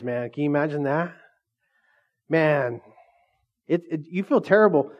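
A man's voice: a little high, muffled recording. A male pastor preaching a sermon, repeatedly asking the congregation questions and prompting their replies. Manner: call-and-response questions to the congregation.

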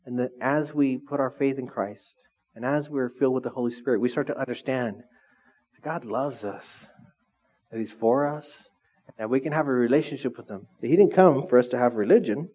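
A man preaching a sermon to a congregation in a relaxed, conversational way, often asking the room questions. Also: mid-range voice, moderate pace, lo-fi sound. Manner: conversational, lively, asks the audience questions. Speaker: pastor. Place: church hall with congregation.

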